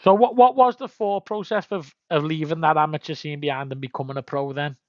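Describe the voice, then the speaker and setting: Male podcast host, raised pitch, dry lo-fi sound, chatty, encouraging. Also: brisk, no echo. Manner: brief encouraging backchannel, chatty. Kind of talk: casual interview.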